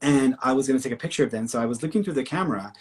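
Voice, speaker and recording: Husky-voiced man telling a story. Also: rapid-fire. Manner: animated storyteller who acts out quoted speech in a higher voice; chatty, full of "like" and restarts. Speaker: psychic medium, live-stream host. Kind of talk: casual live-stream storytelling.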